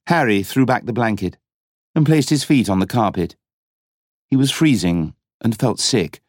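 Man reading an audiobook, dramatic and expressive, lots of pitch movement, dry close mic. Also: normal speed, no room sound. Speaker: audiobook narrator. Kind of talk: scripted narration.

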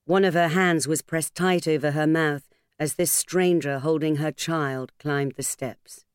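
Woman narrating an audiobook, smooth and dry. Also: low-pitched, no echo. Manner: measured, expressive reading. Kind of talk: scripted narration. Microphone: studio microphone.

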